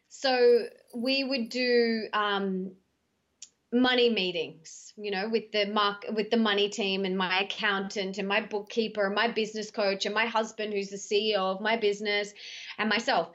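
A woman's voice: mid-range voice, a bit bright. A woman guest on a podcast, telling stories emphatically and animatedly, often stretching her words out. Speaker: podcast guest, author and speaker. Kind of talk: casual conversation. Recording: dull lo-fi podcast audio.

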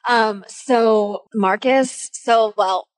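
A woman's voice: fairly high pitch, very slow, no echo. Middle-aged lady telling her story on a podcast, lots of voices, dry close sound. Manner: animated storyteller, acts out quoted voices. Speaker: guest. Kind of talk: casual podcast chat.

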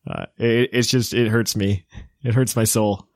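A man's voice: on the low side, fairly even intonation, measured pace, a little mellow, no echo, studio quality. A man in his late twenties co-hosting a casual chat, rambling with lots of fillers and poking fun at himself. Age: 20s. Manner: rambling, filler-heavy, self-mocking.

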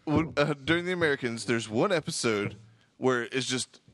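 A man chatting excitedly with friends, full of emphatic exclamations. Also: mid-range voice, moderate pace, a crowd in the background. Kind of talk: casual banter among friends.

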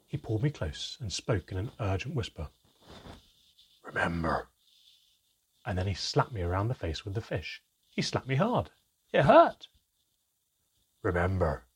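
Deep-voiced man narrating a story. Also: husky. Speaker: audiobook narrator. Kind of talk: scripted narration.

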